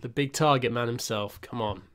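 A young gaming YouTuber plays a football management game, offering casual, self-mocking commentary with muttered asides and sudden excited outbursts. His voice is medium in pitch at a moderate pace.

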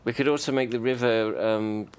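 A man's voice: medium pitch, steady tone, normal speed, smooth. A man chatting enthusiastically as a game developer on a livestream. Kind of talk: casual chat during live game building.

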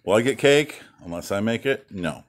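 A man's voice: lowish voice, expressive, moderate pace. A man in his fifties, short of breath and coughing, rambling playfully while tending his backyard chickens. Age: 50s. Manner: rambling, playful, chatty with the hens. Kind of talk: casual vlog chat. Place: outdoors at a chicken coop. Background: hens clucking and roosters.

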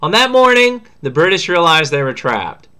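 Slangy, bright-voiced history teacher man. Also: a little high, sing-song, moderate pace, clean tone. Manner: chatty, slangy, acts out quotes. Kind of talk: casual history lesson.

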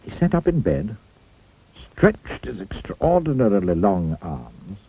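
A man's voice: on the low side, huge pitch swings, a little slow, slightly rough, no echo. A man reading a children's storybook aloud, playfully asking the listener questions. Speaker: storybook reader. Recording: tinny phone-like sound, faint music.

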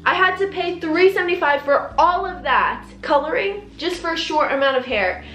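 A young woman, telling a story to the camera in an upset, rapid rant while doing her makeup. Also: very high-pitched, lively intonation, pushed and bright, reverberant. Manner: upset, rapid recounting with quoted dialogue. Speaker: vlogger. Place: indoors at home, doing makeup.

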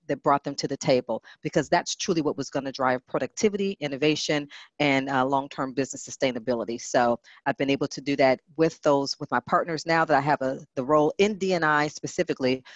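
A man speaking as a guest on a webinar, explaining his work in a steady, businesslike way. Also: a little high, no room sound. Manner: steady, businesslike, listing points. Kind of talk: measured professional explanation. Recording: lo-fi webinar audio.

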